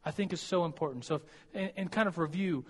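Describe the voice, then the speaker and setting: Speaking fast in a fairly high, slightly rough voice, a young man preaches a casual sermon to college students in a big room. He's chatty and self-deprecating, often giggling and tripping over his words.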